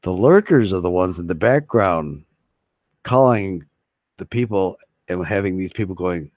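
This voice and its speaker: A man's voice: low voice, expressive, a little slow, darkish tone, dry recording. Streamer host, male, loose rambling chatter with laughs, slightly muffled dry recording. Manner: rambling, laughing and swearing freely. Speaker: streamer hosting a live hangout. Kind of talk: casual live-stream chat. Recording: dry, slightly dull lo-fi sound.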